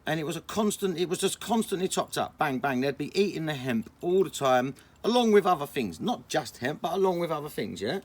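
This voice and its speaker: A young man, chatting casually and excitably on a vlog, full of slang. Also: fairly high pitch, brisk, hardly any pauses. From England. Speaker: vlogger.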